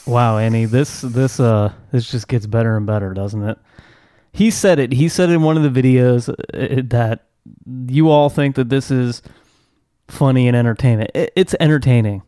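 A man's voice: mid-range voice, normal speed, mellow, no room sound, clean studio sound. A man co-hosting a podcast, commenting on clips in a casual, conversational way. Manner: conversational, hesitant restarts. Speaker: podcast co-host.

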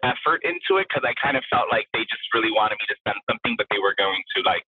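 A man who is a drag performer, a guest telling his story in a casual interview, animated and acting out the voices of the people he quotes. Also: fairly low pitch, quick pace, faint music behind. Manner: animated, acts out quoted voices, says "blah, blah, blah". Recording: tinny phone-line sound, husky and dry.

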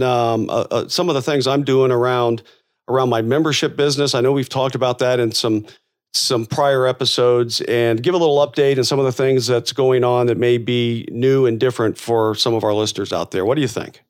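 A man's voice: medium pitch, fairly quick. A middle-aged man from the United States co-hosting a podcast in casual chat, talking in a loose, friendly way with many fillers and restarts. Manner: chatty, laughs at own jokes, many fillers and restarts. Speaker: podcast co-host.

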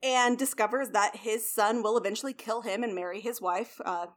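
A woman's voice: on the high side, moderate pace. A young adult woman hosting a casual explanatory talk, chatty, blunt and swearing now and then. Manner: chatty, swears, lively emphasis.

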